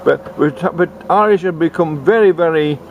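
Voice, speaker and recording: A man telling a comic tall tale in a rambling, halting way, often restarting his sentences. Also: on the high side, highs cut off, slight background noise. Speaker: storyteller. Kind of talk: comic folk storytelling.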